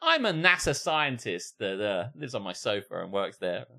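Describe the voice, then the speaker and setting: This co-host of a comedy podcast has a gravelly voice on the low side and a moderate pace. He reads out an online post and riffs on it, animated and laughing, swearing and using mock voices.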